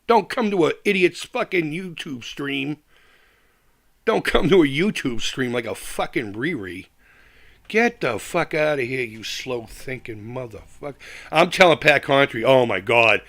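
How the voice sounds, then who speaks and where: A man's voice: a little high, animated, moderate pace, creaky, pushed and bright. A middle-aged man hosting a live chat stream, reading comments aloud and ranting with heavy profanity and frequent laughs. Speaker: livestream host.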